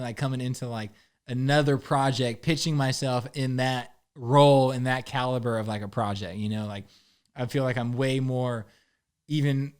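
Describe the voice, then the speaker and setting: A man's voice: mid-range voice, smooth. A young man as a podcast guest in a casual chat, laid-back, peppering his talk with "like" and "bro" and acting out quotes.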